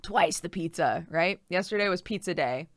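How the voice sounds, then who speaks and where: A woman's voice: on the low side, normal speed. A pregnant young woman streamer chatting casually and reading out viewer messages, giggly and rambling with lots of fillers.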